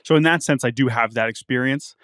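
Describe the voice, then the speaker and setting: A man co-hosting a casual sports podcast, talking in halting bursts with repeated words and reading listener email aloud. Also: mid-range voice, a bit bright, clear, resonant tone, no room sound, clean studio sound. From United States. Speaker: podcast co-host. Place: small-town home studio.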